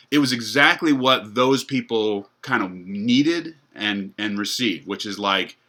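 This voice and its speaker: Low, bright-toned man lecturing casually. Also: a little slow, hardly any pauses. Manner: conversational, many fillers and restarts. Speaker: professor. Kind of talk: university lecture.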